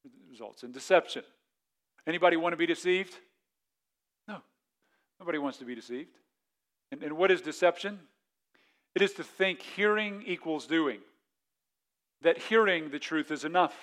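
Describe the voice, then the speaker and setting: A man, a pastor, preaching a sermon, reading scripture slowly and then pressing his point with rhetorical questions and repeated words. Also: a little high, fairly bright tone.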